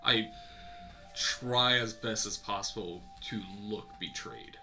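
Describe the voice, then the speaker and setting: A man's voice: on the low side, takes it slowly, music in the background. A man playing a ship's captain in a tabletop game, speaking plainly. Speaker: player. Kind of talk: tabletop role-play.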